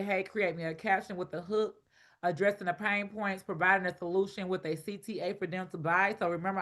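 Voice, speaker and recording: A woman coaches a class on selling online. She talks loud and playful, full of slang, as if chatting with friends. Her voice sits in a middle pitch. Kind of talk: teaching a masterclass.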